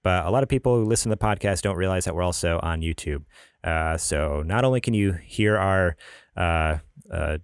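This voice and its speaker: Guy hosting a gaming podcast, deep voice, rambly and laughy, dry sound. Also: normal speed, clear, resonant tone, no room sound. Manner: chatty, rambling, laughs often. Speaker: podcast host. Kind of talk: casual podcast chat.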